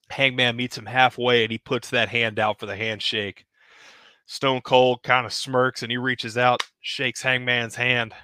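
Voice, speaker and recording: A man hosting a podcast, narrating wrestling action in excited, casual play-by-play. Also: medium pitch, smooth, no echo. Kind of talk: play-by-play storytelling.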